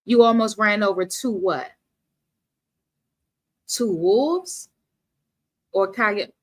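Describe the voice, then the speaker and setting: A woman's voice: medium pitch, extremely slow. A woman from D.C. hosting a casual livestream, chatting with viewers and reading their comments aloud. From Washington, D.C.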